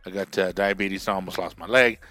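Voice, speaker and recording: A man from New Mexico who works as a radio DJ and comic, hosting his own podcast in a loud, profane, beer-drinking monologue. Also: sits low, steady tone, quick pace, no room sound. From Albuquerque, New Mexico. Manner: loud, swearing, drinking beer while talking.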